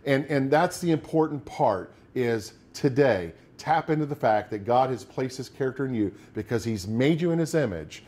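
A man's voice: medium pitch, animated, moderate pace, few pauses, darkish tone. A middle-aged man preaching a sermon as pastor, talking conversationally and acting out quoted lines of despair.

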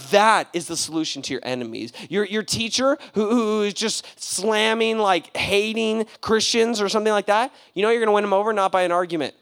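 A pastor delivers a sermon with a notably high voice, bouncing between hushed asides and loud, excited bursts. His delivery is conversational and full of slang, like telling a story to friends from the pulpit. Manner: animated, casual storytelling with slang.

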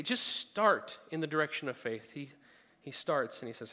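A man preaching a sermon, talking conversationally and rising to loud, emphatic peaks. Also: mid-range voice, animated, normal speed, hardly any pauses, in a large hall. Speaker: pastor.

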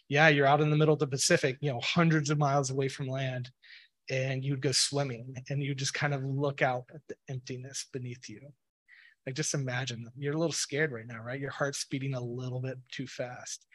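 A man's voice: medium pitch, fairly bright tone. A man giving a casual, rambling explanatory talk on religion, full of "you know" and "like" fillers. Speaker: speaker on a religious podcast.

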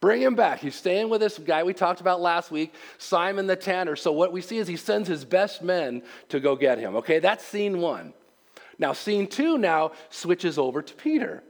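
A man preaching a conversational sermon, repeating phrases and shifting between quick and slow delivery. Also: high voice, lively intonation. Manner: conversational, repeats himself, speeds up and slows down. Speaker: pastor.

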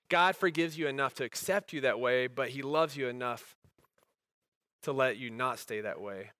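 A man preaching a sermon as a pastor, earnest, rising to emphatic peaks and dropping to soft, quiet lines. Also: mid-range voice, normal speed, smooth, dry recording.

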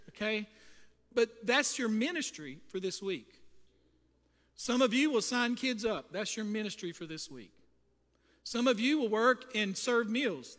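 Speaking in a high register with a fairly bright tone, this pastor entertains church volunteers with humorous, homespun tales told emphatically. His sermon echoes with the long reverb of a church sanctuary.

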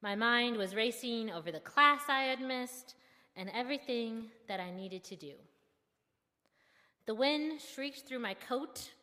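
A young woman seminary student telling a personal story in a candid, self-deprecating and expressive way. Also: fairly high pitch, unhurried, big-room sound.

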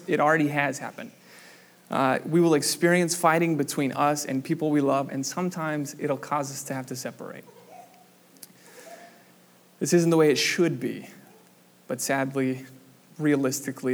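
A young man with a fairly high voice preaching a sermon. He talks in a loose, chatty way with plenty of ums and likes. He acts out the voices in his stories loudly. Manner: casual storytelling with many fillers, acts out quoted voices loudly. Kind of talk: sermon with a personal story.

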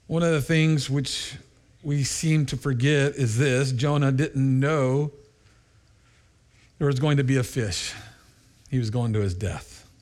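A middle-aged man preaching a sermon as pastor, telling stories with lively energy, jumping into high voices for quotes and laughing often.

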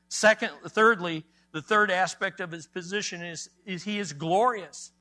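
A male pastor preaching a sermon, emphatic, rising loud on key words and dropping soft. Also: high voice, normal speed, hardly any pauses.

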